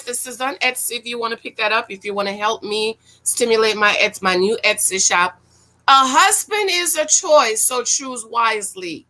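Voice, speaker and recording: Woman, high bright voice, casual show recap, frank, animated, preachy advice. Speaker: reality-show reviewer. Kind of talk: casual video commentary.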